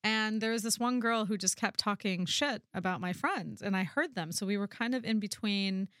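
A woman's voice: mid-range voice, moderate pace, no echo, clean studio sound. A young woman co-hosting a casual chat, telling a story with lots of energy, acting out what people said and swearing freely. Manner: animated storyteller, acts out quoted voices, swears freely. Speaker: podcast co-host.

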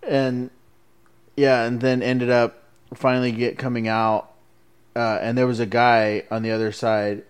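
A middle-aged man in relaxed family chat, telling a story about his kids. He laughs often and acts out his own past lines as he goes. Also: mid-range voice, normal speed, smooth.

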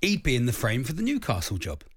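A man's voice: mid-range voice, huge pitch swings, quick pace, slightly rough. A man co-hosting a football talk show, jokey, often stammering and restarting. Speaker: radio sports talk co-host. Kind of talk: casual football chat.

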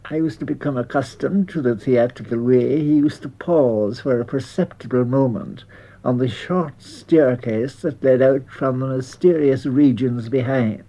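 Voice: mid-range voice, mellow. A speaker reading a reflective, ironic memoir of theatre-going in an old archive recording. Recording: muffled archival broadcast.

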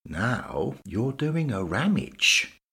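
Guy doing a calm matter-of-fact old ghost fan, slow and patient. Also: mid-range voice, full character voice. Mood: explaining. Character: calm knowing older male ghost fan.

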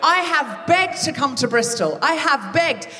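A woman's voice: high voice, expressive, unhurried, bright, forceful tone, big-room sound, far from the mic. A woman hosting a live comedy show on stage, joking and bantering with the audience. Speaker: comedy podcast host. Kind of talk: live stand-up crowd work. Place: large theatre with a live audience. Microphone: stage microphone.

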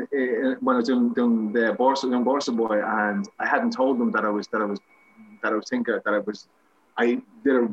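A man's voice: medium pitch, a bit bright, lo-fi sound, slight background noise. An Irish man, a guest actor, telling rambling, self-mocking anecdotes with many restarts in a casual interview.

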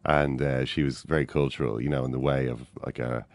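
A man's voice: a bass voice, steady tone, brisk, no echo. An Irish man co-hosting a podcast, telling a rambling anecdote and laughing at his own story. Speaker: podcast co-host.

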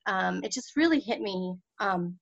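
In an interview, a political candidate in her thirties tells her story with passion and emotion, laughing often as she speaks. Her mid-range voice is a bit bright with vocal fry, lively intonation and an unhurried pace, in slightly dull lo-fi audio.

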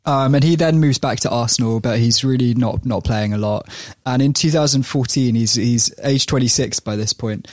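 A man's voice: medium pitch, moderate pace, few pauses, no room sound. Man telling stories, laughing often. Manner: chatty, laughs often, many fillers and restarts. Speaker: podcast host. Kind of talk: podcast storytelling.

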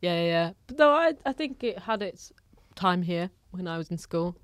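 A woman's voice: fairly low pitch, lively intonation, moderate pace, no room sound. A woman co-hosting a comedy podcast in casual chat, playful and teasing with frequent giggles. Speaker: podcast co-host.

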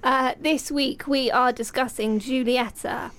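A woman hosting a casual film podcast, bright and giggly. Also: sits high, steady tone, unhurried. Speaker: podcast host.

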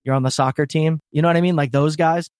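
Male podcast co-host, casual and profane, fairly high voice, dry close sound. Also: fast, no echo. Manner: animated, profane, laughs a lot. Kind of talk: casual comedy podcast chat.

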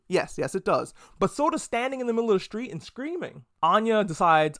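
A young man riffs through an anime review in a casual, animated way, swearing freely and acting out little quotes. His voice sits slightly high. The mic is close and dry, with no room sound. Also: a little fast, few pauses, no echo. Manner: animated, profane, jokey, acts out quotes. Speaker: podcast host reviewing anime. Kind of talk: casual solo review monologue.

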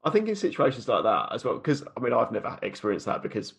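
A man's voice: mid-range voice, wildly swooping pitch, fast talker, vocal fry. A man hosting a podcast, asking questions in a thoughtful way and speaking openly about his own anxiety. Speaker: podcast host. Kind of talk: casual interview chat.

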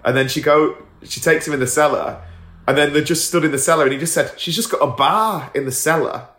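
A man telling stories in a casual podcast chat, animated, laughing often and acting out the voices of people he talks about. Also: a little high, fairly quick, reverberant. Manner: swears casually. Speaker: guest storyteller.

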